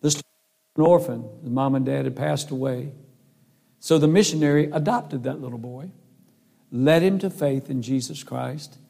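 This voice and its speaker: Preacher man, earnest folksy storyteller, gravelly and mellow, big reverb. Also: mid-range voice, normal speed. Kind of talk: sermon with storytelling. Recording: long hall reverb.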